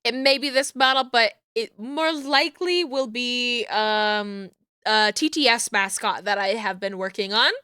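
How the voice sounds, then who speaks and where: A woman streamer talks to her chat in an animated, giggly way, drawing her stories out at an unhurried pace. Her voice sits high and sounds bright and crisp. The sound is dry, picked up close on a desk mic. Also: no room sound.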